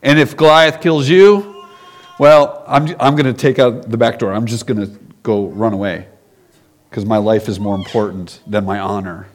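Preacher doing a sneaky chicken king, wheedling and hurried, trying to dodge the fight. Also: lowish voice, pitched below the performer's own voice, close to an everyday voice. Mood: scheming. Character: cowardly scheming male king, sly.

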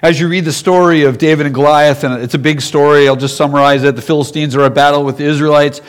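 A man's voice: on the high side, fairly even intonation, quick pace, clean tone. A man, a pastor, giving a casual storytelling sermon, often laughing and acting out the characters.

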